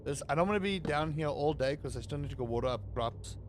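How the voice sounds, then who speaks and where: A man streaming a game, chatting casually and playfully with his viewers, sometimes bursting into loud, excited hype. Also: fairly high pitch, quick pace, noisy background. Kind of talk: casual live-stream chat.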